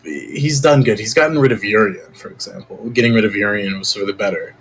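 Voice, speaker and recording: A man's voice: fairly low pitch, animated, brisk, vocal fry, slight background noise, poor audio. A man playing a blunt, cursing mercenary back from death. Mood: earnest. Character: blunt swearing man, mercenary raised from the dead. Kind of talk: tabletop role-play in character.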